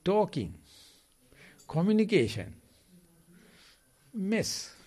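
A Buddhist monk gives a dharma talk. His voice sits a little high for a man, and his English stumbles and repeats as he searches for words. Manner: lively, halting non-native English with repeats.

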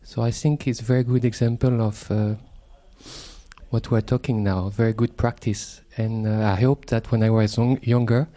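A man's voice: medium pitch, little pitch movement, moderate pace, mellow. A man from France with a French accent, a Buddhist monk who speaks politely and hesitantly in English, with many fillers.

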